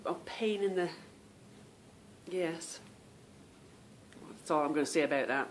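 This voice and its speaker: A woman's voice: low voice, a little slow, slight background noise. A woman hosting a knitting podcast, chatting casually to viewers, rambling off on tangents and stumbling over unfamiliar names.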